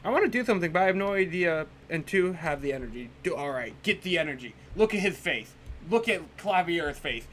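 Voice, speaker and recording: Hyped guy on stream cussing at the screen, pitch a bit high, bouncy. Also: fairly quick, few pauses, a little hiss or hum. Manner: excitable, swears, talks to chat. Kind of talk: let's play commentary.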